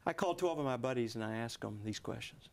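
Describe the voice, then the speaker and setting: An older man with a gravelly, creaky voice tells his story with earnest feeling, sometimes sinking to a near whisper. A faint low rumble sits under the recording. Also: expressive, fast talker. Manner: earnest storytelling, drops to hushed tones. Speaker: guest author. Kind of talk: television interview.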